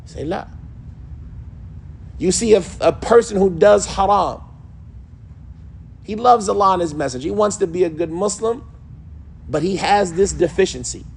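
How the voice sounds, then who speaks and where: A man's voice: sits high, normal speed, creaky, pauses often, slight background noise. A man teaching a class on a classical text, firing rhetorical questions at the group and answering them himself. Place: mosque hall.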